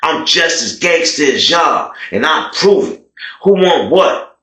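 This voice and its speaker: A man's voice: on the high side, animated, unhurried, pushed and bright, pitched above the performer's own voice. A man voicing a small, cocky male inmate who boasts and taunts. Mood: taunting. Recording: echoey room.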